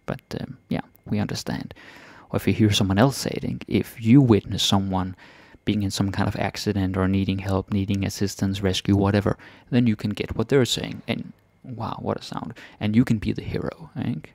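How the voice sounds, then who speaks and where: A man teaching a casual language lesson, chatty and relaxed, repeating phrases slowly and then at full speed. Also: on the low side, vocal fry, no echo.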